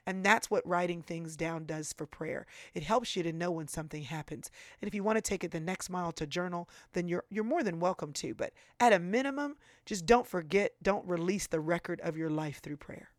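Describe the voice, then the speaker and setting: A woman in her forties, speaking as an author and guest in an interview on faith and prayer, talking in an earnest, animated, preacherly way. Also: fairly low pitch, a little fast, few pauses, no echo, studio quality. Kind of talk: faith-based conversational interview.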